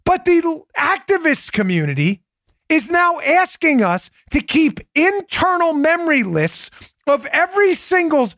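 A man's voice: very high voice, fairly bright tone, no echo, clean studio sound. A man hosting a political commentary show, talking in an emphatic, mocking, sarcastic way. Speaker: podcast host.

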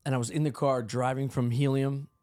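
A man's voice: medium pitch, fairly even intonation, a little fast, darkish tone. A man co-hosting a comedy podcast, telling a crude story with lots of laughter in a casual chat. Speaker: podcast co-host.

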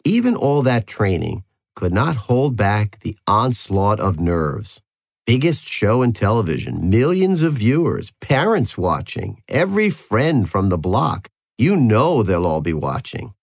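Male documentary host, low, expressive narration over faint music. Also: gravelly, no room sound, studio quality. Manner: measured narration. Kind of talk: scripted narration and interviewing.

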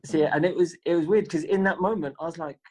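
A man co-hosting a podcast, chatting casually and telling an animated story, swearing freely and acting out the voices of people he quotes. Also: a little high, fast talker. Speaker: podcast co-host. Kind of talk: casual chat.

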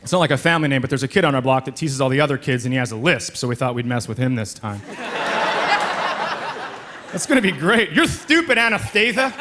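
A middle-aged man doing a stand-up comedy set on a club stage, trading deadpan insults with sudden shouted bursts. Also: mid-range voice, very fast, few pauses. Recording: live club recording, loud laughing crowd. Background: audience laughter and noise.

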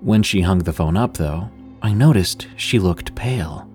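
A man narrating a first-person work story in a steady, scripted storytelling delivery. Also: deep voice, measured pace, faint music behind. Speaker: podcast narrator.

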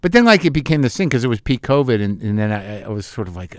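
A man's voice: mid-range voice, very animated, fast, dry recording, clean studio sound. A middle-aged man, an actor being interviewed, talking casually and hesitantly with many restarts and fillers. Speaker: actor guest.

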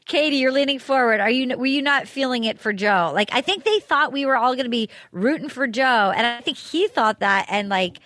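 A woman hosting a casual chat, telling stories in a gushing, animated way. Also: sits high, fairly quick, few pauses, no room sound, clean studio sound. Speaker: podcast host.

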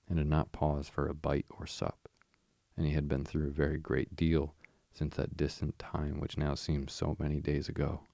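A man narrating a storybook in a steady, unhurried way, with a gravelly voice. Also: very deep voice, no room sound. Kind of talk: audiobook narration.

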